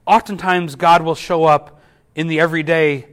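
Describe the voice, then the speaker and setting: High-voiced earnest male pastor. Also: fairly even intonation, normal speed. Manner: earnest, repeats words at restarts, drops softly for quoted whispers. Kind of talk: sermon.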